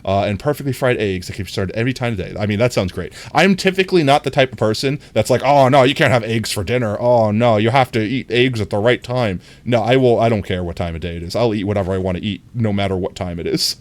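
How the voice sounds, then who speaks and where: A young man chatting casually on a gaming livestream, rambling and correcting himself, and getting excited when he greets viewers. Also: on the low side. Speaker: streamer.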